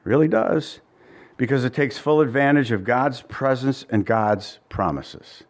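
A man preaching a sermon as pastor, animated and asking the congregation many rhetorical questions, with passages of scripture read aloud. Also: mid-range voice, a little slow. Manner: reads scripture in old-fashioned wording.

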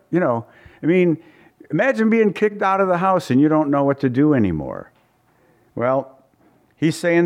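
A man's voice: fairly high pitch, sing-song, moderate pace, long pauses. A man preaching a conversational Bible-study sermon in a folksy way, often repeating words and asking his listeners questions.

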